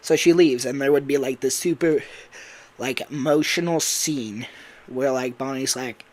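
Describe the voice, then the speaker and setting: Young man, casual vlog, rambling, many fillers, laughs at himself, mid pitch. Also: a little slow. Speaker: voice actor and YouTuber. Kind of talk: casual storytelling about a fan game idea.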